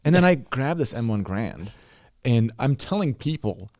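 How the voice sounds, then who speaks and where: A man's voice: mid-range voice, sing-song, normal speed, a little mellow. A man on a podcast, telling a story in an easygoing way. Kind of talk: casual podcast chat.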